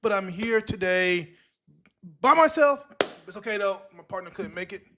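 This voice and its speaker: A man's voice: high voice, animated, moderate pace, noisy background. Rambling male podcast host. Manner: rambling, storytelling with filler words. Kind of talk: solo podcast talk. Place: live streaming setup.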